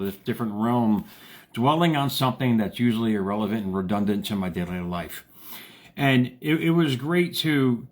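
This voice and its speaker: A man hosting a motivational live stream, telling a story in a casual, jokey way with big jumps in his voice. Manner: animated, jokey, acts out quotes with big pitch jumps. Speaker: motivational radio host.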